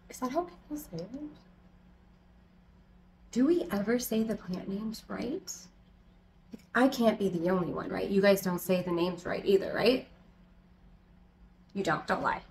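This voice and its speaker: A woman chatting casually as a plant vlogger, talking loudly, giggling, swearing and talking to her plants at home. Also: mid-range voice, normal speed, pauses often. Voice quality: loud, close to yelling. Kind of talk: casual chat. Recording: echoey room with faint background noise.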